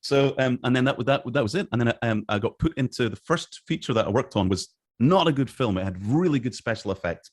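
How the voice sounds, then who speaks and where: A middle-aged man from Scotland, telling stories in a casual interview and acting out what others said. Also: medium pitch. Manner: animated, acts out quoted voices. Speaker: interview guest. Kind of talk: casual storytelling.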